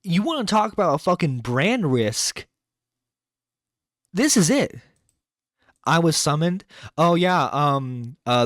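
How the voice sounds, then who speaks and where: A man with a medium-pitched, slightly bright voice hosts a live stream as an internet radio host reacting to a clip. He rants close to the mic, exasperated and incredulous, with some swearing, and there's no echo.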